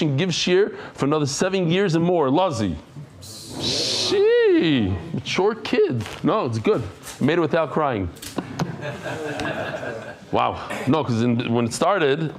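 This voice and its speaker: A middle-aged man from the United States leading a Talmud class before a live audience, chatting, joking and quickly reading out names. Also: fairly high pitch, slight background noise. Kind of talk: casual class talk. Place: study hall with a live audience.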